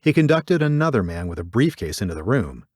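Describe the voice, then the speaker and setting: A man narrates a story in a low voice with a lively, swinging delivery. He lifts his voice for dialogue and sinks it for the tags. The recording is dry and close. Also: brisk, no echo. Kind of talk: audiobook narration with character voices.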